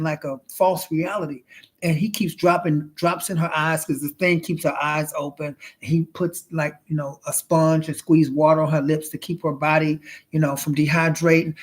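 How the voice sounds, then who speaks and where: Man, flamboyant, chatty, rambling storyteller, somewhat high voice, swears, calls you honey and child. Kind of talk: casual storytelling monologue.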